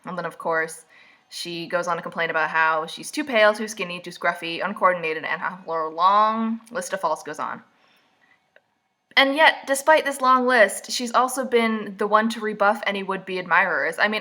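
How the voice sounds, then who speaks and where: A woman's voice: medium pitch, normal speed, sharp tone. A woman vlogging casual book commentary, sarcastic and mocking, full of "like"s, just woken up. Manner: sarcastic, mocking, chatty with many "like"s.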